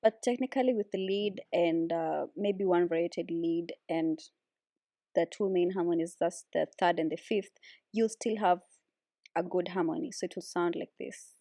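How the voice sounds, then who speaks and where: A woman casually explaining how she builds vocal harmonies, relaxed and chatty with lots of fillers. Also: lowish voice, normal speed, no room sound, clean studio sound. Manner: relaxed, with many fillers like "like" and "so, yeah". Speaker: a cappella vocalist teaching harmony. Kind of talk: casual music tutorial.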